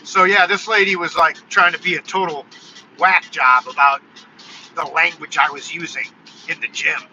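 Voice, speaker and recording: A man in his forties talking casually in a live vlog from his car, telling stories in an animated, ranting way. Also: fairly high pitch, moderate pace, slight background noise. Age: 40s. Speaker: vlogger. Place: in a car on the road. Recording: dull lo-fi car recording with music. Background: techno music playing.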